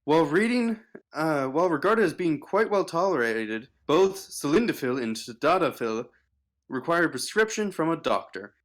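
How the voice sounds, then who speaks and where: A man's voice: fairly high pitch, sing-song, normal speed. A man reading an article aloud on a casual livestream, stumbling with fillers and restarts.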